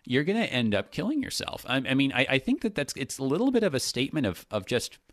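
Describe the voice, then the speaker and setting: A man's voice: mid-range voice, wildly swooping pitch, quick pace, no echo, clean studio sound. A man hosting a radio talk show as a pastor, thinking aloud in casual talk with many restarts and fillers.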